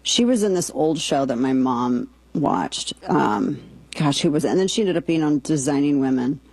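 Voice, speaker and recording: Sarcastic talk radio hostess. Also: female voice, deep voice, animated, normal speed, darkish tone, rough recording. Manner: sarcastic, mocking, exasperated. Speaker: radio talk show host. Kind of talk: opinionated talk radio commentary.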